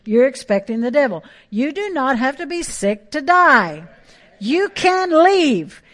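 High-voiced woman preaching. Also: expressive, normal speed, a bit bright. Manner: emphatic preaching with repeated phrases. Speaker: pastor. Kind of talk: sermon.

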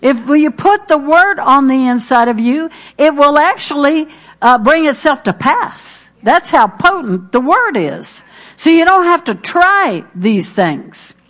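A woman's voice: high voice, very animated, slow, fairly bright tone. A middle-aged woman preaching a sermon, earnest and emphatic, repeating her key phrases.

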